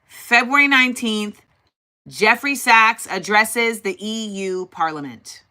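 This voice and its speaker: A woman's voice: a little high, slow pace, sharp tone. A woman hosting a casual livestream, thinking aloud and talking directly to her chat. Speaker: host.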